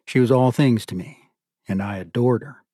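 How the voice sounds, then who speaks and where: A man narrating an audiobook in a measured, steady storytelling manner. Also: medium pitch, husky, dry recording, studio quality.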